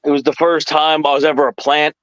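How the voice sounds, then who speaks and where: A middle-aged man with a somewhat high voice tells stories in an easy, chatty way, jumping into loud impressions of the people he quotes. The sound is dull and lo-fi, close and dry like a livestream call. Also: fairly quick, no echo. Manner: animated, acts out quotes in a raised voice. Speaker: podcast guest telling stories. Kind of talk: casual storytelling chat. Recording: dull dry lo-fi stream audio.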